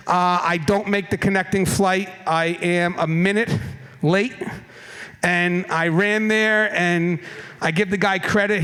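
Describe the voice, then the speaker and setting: Male keynote speaker, high voice, casual swearing storyteller on a conference stage mic. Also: smooth. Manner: animated, casual storyteller who swears and laughs at his own story. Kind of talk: humorous travel anecdote in a keynote speech. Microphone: stage microphone.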